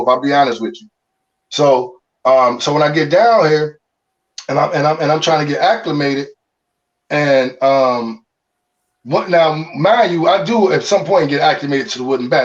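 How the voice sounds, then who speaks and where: A man's voice: on the high side, recorded from a distance, highs cut off. A middle-aged man from Chicago, a former pro ballplayer, telling his story in an interview with loose slangy talk and frequent restarts. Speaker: former pro baseball player, guest.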